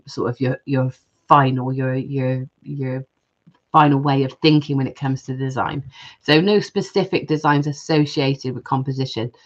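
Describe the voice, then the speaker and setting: A woman's voice: deep voice, dull audio. A woman hosting a live jewellery-making stream, chatting casually and reading viewer comments aloud.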